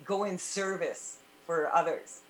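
A woman's voice: on the low side, slow pace, slight background noise. A woman hosting a talk radio show, chatting with her guest with plenty of fillers and running the segment breaks. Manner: chatty, uses fillers like "you know" and "um". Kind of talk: casual radio interview.

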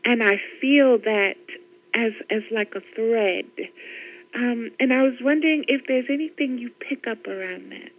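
A woman calling in to a spiritual radio show, speaking in an earnest, effusive, measured way. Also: a little high, highs cut off. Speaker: radio caller. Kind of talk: earnest spiritual call-in talk.

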